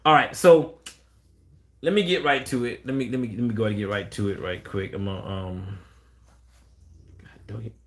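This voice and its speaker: A dog breeder answers questions on a casual live stream, speaking bluntly and animatedly in a lowish voice at normal speed with long pauses. When he quotes callers, he raises his voice.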